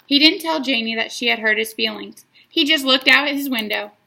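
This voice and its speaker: A woman reads a children's chapter book aloud, stretching out words in an expressive storytelling style at a fairly quick pace. Her voice is bright and fairly high, and a gravelly fry creeps in at the ends of lines.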